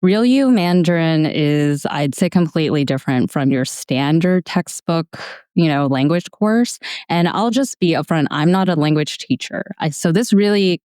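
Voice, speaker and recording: In a conversational podcast interview answer, the guest, a young adult woman from the United States who founded a language platform, shares her experiences candidly and laughs occasionally mid-story. Her low-pitched voice has lively intonation, a moderate pace, and a slightly mellow, clean tone with no echo.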